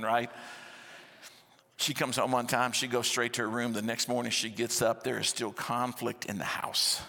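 A man, preaching a sermon in a lively, conversational storytelling style with rhetorical questions, in a church sanctuary. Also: mid-range voice, normal speed, vocal fry. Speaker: pastor. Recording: long church-hall reverb.

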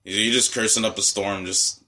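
Male co-host, 30s, low and forceful tone, wry exasperated storyteller. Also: fairly even intonation, normal speed. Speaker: podcast co-host. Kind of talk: casual chat.

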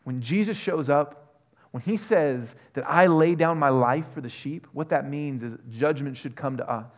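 A man preaching a sermon, earnest, moving from quiet questions to loud, emphatic passages. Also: a little high, normal speed. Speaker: pastor.

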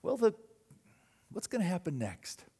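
A man preaching a sermon, telling a story with dramatic swings between loud bursts and hushed moments. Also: high voice, huge pitch swings, measured pace, husky. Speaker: pastor.

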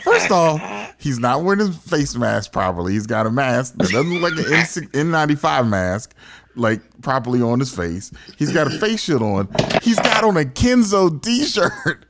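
A man co-hosting a casual podcast, joking and running the clips in animated banter. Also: fairly high pitch, normal speed, noisy background. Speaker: podcast co-host and producer.

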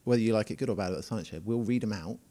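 A British man co-hosting a podcast, chatting casually in a brisk, teasing way. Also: fairly low pitch, warm tone. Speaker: podcast co-host, chemist. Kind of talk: casual chat.

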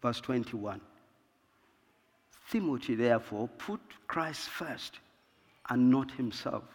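A man preaching a sermon in a slow, measured way, pausing to cite verse numbers. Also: medium pitch, expressive, breathy edge. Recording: long reverb of a large hall.

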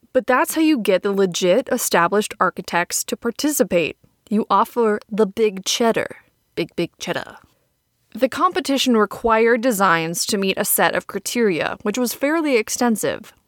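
A woman with a Wisconsin accent hosts a history podcast, reading a scripted story and dropping in wry, chatty remarks. Her pitch sits in a middle range for a woman. The recording is close and dry, with no room sound. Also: a bit bright, no room sound. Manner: conversational, wry asides. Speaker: podcast host. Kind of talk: scripted history narration with asides.

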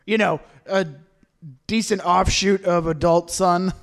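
A man's voice: sits high, fairly even intonation, unhurried, a bit bright. A man co-hosting a comedy podcast, riffing with jokey asides in casual chat. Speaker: podcast co-host.

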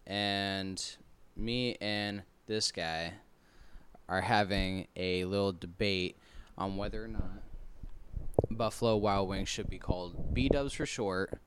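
A man's voice: fairly low pitch, fairly even intonation, takes it slowly, a little hiss or hum. A man co-hosting a comedy podcast, teasing and exasperated in casual banter. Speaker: podcast co-host.

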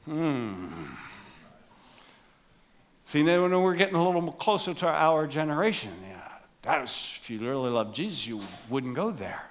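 A man preaching a humorous sermon to his congregation, joking and animated, dropping to quiet asides. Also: fairly high pitch, normal speed. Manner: jokey, animated, drops to soft asides. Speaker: pastor.

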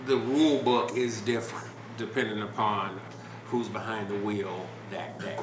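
A man hosting a podcast, telling a story in a relaxed, rambling way with lots of fillers and restarts. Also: lowish voice, normal speed. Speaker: podcast host. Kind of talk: casual storytelling chat. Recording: roomy with background noise.

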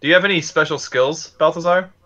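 A man playing a tabletop game, talking casually and stopping to clear his throat. His voice is bright, but the lo-fi mic dulls it. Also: on the high side. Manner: halting, with fillers and throat-clearing. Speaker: player. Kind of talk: casual role-play chat. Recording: dull, lo-fi mic.

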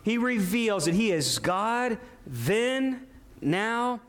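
High-voiced man preaching a lively sermon. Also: drawn-out words. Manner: animated preaching, acting out scripture dialogue and asking rhetorical questions. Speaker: pastor. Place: church sanctuary.

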